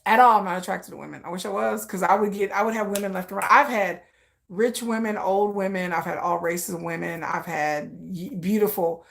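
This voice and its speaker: A woman's voice: medium pitch, fairly quick, creaky, fairly bright tone. A woman telling candid personal stories in a blunt, profane way, with laughing asides. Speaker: vlogger.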